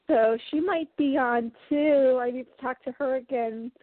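Woman podcast co-host, high-ish voice, rambling casual chat over a thin phone-like line. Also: unhurried, dry recording. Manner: chatty, rambling with fillers. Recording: tinny phone-like line, dry.

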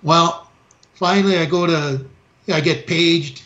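A man's voice: on the high side, unhurried, sharp tone. A man co-hosting a podcast, telling a story in a profane, ranting way. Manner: profane, ranting storyteller who acts out quoted people. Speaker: podcast co-host. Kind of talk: casual chat. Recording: echoey, dull lo-fi room sound.

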